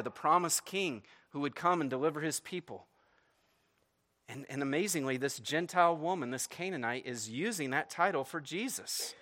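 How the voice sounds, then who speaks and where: A man preaching a sermon, animated, breaking into dramatic pleading voices as he retells a story and checking in with "right?". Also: on the high side. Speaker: pastor.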